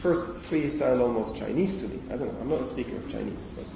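Lecturer in an echoey hall, heard from afar. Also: male voice, medium pitch, expressive, quick pace, gravelly, distant mic, background noise. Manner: conversational, asks the class questions, frequent "okay?". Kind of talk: university lecture on phonology.

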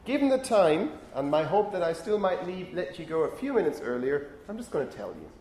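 A male university lecturer with a fairly high, mellow voice that swings up and down a great deal as he explains. He often stops to correct himself and checks in with the class. The room is echoey, with faint noise behind him. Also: fairly quick. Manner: lively, self-correcting, frequent "okay?" checks. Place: lecture hall. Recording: roomy lecture hall echo.

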